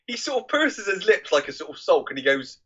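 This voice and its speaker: A man's voice: high voice, big pitch swings, fairly quick, a bit bright, slightly rough, lo-fi sound. A man co-hosting a film podcast, chatting wryly and quoting favourite lines. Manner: wry, chuckling, quotes favourite lines. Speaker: podcast co-host. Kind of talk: casual film chat.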